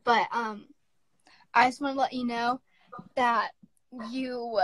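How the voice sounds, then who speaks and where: A young woman in her teens giving a halting, tearful apology on a phone live stream, full of fillers and restarts. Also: a little high, fairly even intonation, a bit bright, dry recording, rough recording. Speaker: livestreamer.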